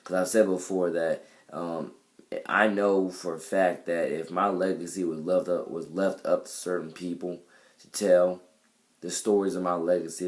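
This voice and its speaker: A young man with an extremely deep voice talks straight into his camera, rambling through his thoughts with plenty of fillers and false starts. His delivery stays flat and even, with little rise or fall. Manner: rambling, many fillers and restarts. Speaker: vlogger and musician. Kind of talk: casual spoken video diary. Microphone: camera mic.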